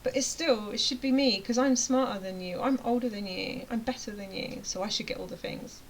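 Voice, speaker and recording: A woman's voice: fairly high pitch, a little fast, a little hiss or hum, close to an everyday voice, low-quality recording. A woman mimicking a smug, entitled man who whines that he deserves the credit and money someone else earned. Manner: whiny and self-important.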